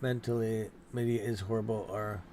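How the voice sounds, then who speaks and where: This man runs a live stock-trading stream, chatting casually, reading viewer comments and reacting aloud, and he swears openly when annoyed. His voice is fairly low and warm, with fairly even intonation at normal speed, and there's slight background noise.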